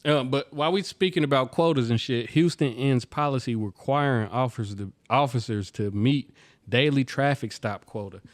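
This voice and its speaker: A man hosting a casual podcast, his talk loose and full of slang, with easy laughter. His voice sits at an ordinary pitch. It is recorded dry and close. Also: moderate pace, no room sound. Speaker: podcast host. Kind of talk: casual chat.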